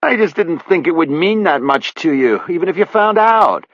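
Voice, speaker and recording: A whiny, pleading man caught in a betrayal, his voice pushed up high and nervous, as a male narrator puts him on. He sounds defensive and desperate, lively in pitch. The audiobook recording is dull and dry. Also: normal speed, dry recording. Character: guilty pleading male boat partner.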